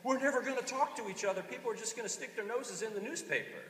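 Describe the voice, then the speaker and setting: A fretful old-fashioned naysayer drawls in a Texas accent, as a man puts him on, his voice pitched well up. He sounds alarmed and preachy. His voice echoes through a large hall, caught from far away. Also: quick pace, fairly bright tone, slight background noise.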